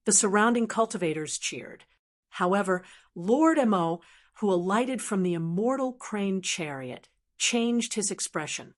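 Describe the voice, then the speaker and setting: A woman narrates a fantasy novel for an audiobook. Her delivery is steady and plain, and her voice sits at a middle pitch. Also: unhurried.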